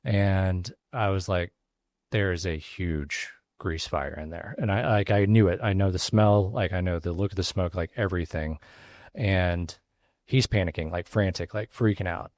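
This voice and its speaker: Deep-voiced man telling a story. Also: fairly even intonation, a little mellow, no echo, studio quality. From Texas. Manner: casual, halting, many fillers and restarts. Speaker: pitmaster and restaurant owner, guest. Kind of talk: storytelling in a podcast interview.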